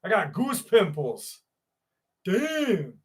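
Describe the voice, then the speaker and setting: Man, live stream host, casual chat, slightly high voice, slow relaxed delivery, jokey and profane. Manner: loose and jokey, swears freely. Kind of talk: casual live chat, reading viewer comments.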